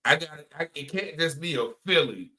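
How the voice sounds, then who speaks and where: A man's voice: a little high, expressive, brisk, sharp tone. A man from North Carolina, giving a spoken religious testimony in a conversational way, often repeating himself and saying "you know" and "man.".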